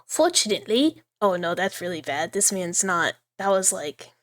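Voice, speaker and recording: A woman's voice: fairly low pitch, steady tone, normal speed, a bit bright. Giggly woman streaming a horror game. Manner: chatty, giggly, lots of asides. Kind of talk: live horror game commentary.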